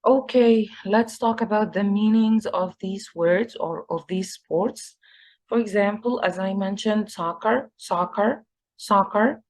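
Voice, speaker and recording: A woman with an Egyptian accent teaching an English class, slowly repeating words to drill pronunciation. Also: mid-range voice, dark tone. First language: Egyptian Arabic. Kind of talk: online English lesson.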